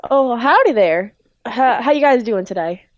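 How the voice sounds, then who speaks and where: A woman's voice: fairly high pitch, expressive, moderate pace, no room sound, lo-fi sound, pitched above the performer's own voice, natural voice. A woman voicing a young, easygoing male grocer with a put-on Southern accent, in a recorded tabletop game. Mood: friendly.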